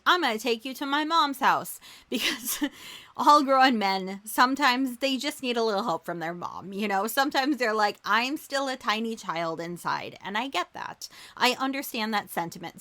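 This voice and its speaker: A woman hosting a podcast, recapping a film in a loose, rambling way with plenty of swearing. Her voice is bright and sits somewhat high, with a forceful edge. She keeps the tone easygoing and chatty. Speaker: podcast host. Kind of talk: casual movie recap.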